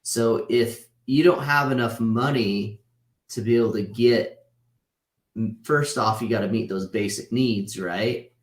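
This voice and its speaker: A man in his thirties runs a casual online class over a video call, speaking at a measured pace in a mid-range voice. He's conversational, tagging points with "right?", and the recording echoes as if in a large room.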